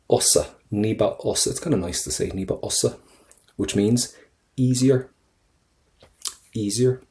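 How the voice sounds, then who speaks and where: A man teaching an exam-prep lesson over a screen recording, chatty and encouraging, repeating phrases slowly for learners. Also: lowish voice, mellow. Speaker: Irish language tutor.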